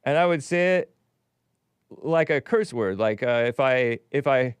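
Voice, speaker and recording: A man's voice: mid-range voice, expressive, unhurried, clear, resonant tone, dry recording. A man hosting a call-in show, chatting casually and agreeably, chuckling often.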